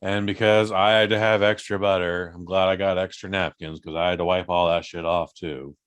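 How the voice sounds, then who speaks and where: A man hosting a podcast, telling a story in a casual, animated way, swearing freely and acting out other people's voices. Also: deep voice, moderate pace, clean tone, dry recording. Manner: animated, profane, acts out voices in his stories. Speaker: podcast host.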